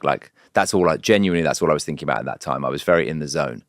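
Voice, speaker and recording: A man being interviewed as a guest, talking in a relaxed, candid way with stammering restarts. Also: a bass voice, racing, hardly any pauses, dry recording, clean studio sound. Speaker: guest, show producer. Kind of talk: casual interview chat.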